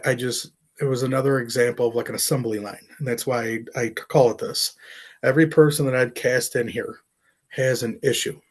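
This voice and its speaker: A middle-aged man, an artist, telling a personal story in an interview, earnest and emotional, halting with fillers. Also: medium pitch. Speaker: artist and professor.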